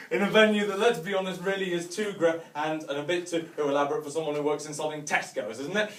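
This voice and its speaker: A man's voice: fairly high pitch, steady tone, a little fast, a bit bright. A man from the North of England with a Northern English accent, doing a chatty, self-mocking stand-up routine with mild swearing. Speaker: stand-up comedian. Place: large hotel venue with a live audience. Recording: echoey room, distant mic, faint noise.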